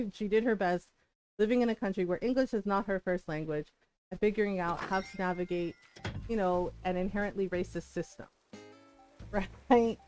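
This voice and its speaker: A woman's voice: medium pitch, moderate pace, a little mellow, soft background music. Frank, laughing woman streamer. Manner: frank, swears freely, laughs often, retells dialogue animatedly. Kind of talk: casual chat while gaming.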